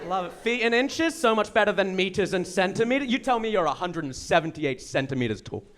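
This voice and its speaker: A young English man doing a stand-up comedy set, with deadpan punchlines and quick asides to the crowd. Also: high-pitched. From England. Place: comedy show venue. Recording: live set with loud crowd noise and laughter.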